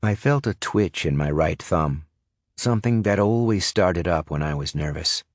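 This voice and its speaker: A man reading a thriller audiobook in first person, measured and suspenseful. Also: deep voice, no room sound, studio quality. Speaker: audiobook narrator. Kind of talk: scripted audiobook narration.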